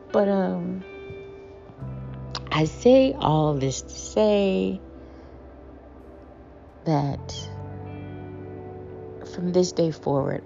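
A woman co-hosting a podcast, talking through her feelings in a halting, self-affirming way with many fillers. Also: sits low, gravelly, warm tone, muffled recording. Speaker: podcast co-host. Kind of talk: reflective podcast monologue.

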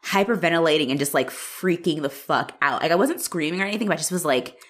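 A woman co-hosting a podcast, telling a story in casual chat, animated, laughing often and acting out what people said. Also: sits low, fast talker. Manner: animated, laughs often, acts out quotes, swears freely. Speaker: podcast co-host.

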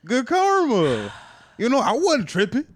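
Animated young man telling a story. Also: extremely high pitch, measured pace. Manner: animated storyteller, laughs often, slangy. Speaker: podcast co-host. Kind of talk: casual chat.

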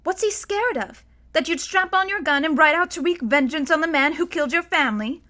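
A woman's voice: high-pitched, bright, forceful tone, pitched above the performer's own voice. A woman voicing a blunt, curious young girl. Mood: probing. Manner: quick, probing questions.

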